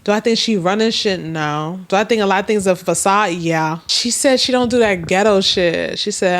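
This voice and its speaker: A young woman, telling a story casually and animatedly, swearing and acting out quoted lines. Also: moderate pace. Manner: animated, swearing, acts out quoted dialogue with big pitch jumps. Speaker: storytime vlogger.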